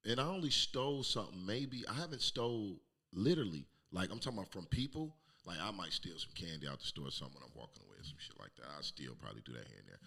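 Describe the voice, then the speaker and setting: A middle-aged man hosting his own podcast, telling a raw, emotional personal story with plenty of profanity and sometimes dropping to a hush. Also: fairly low pitch, creaky. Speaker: podcast host. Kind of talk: candid personal monologue.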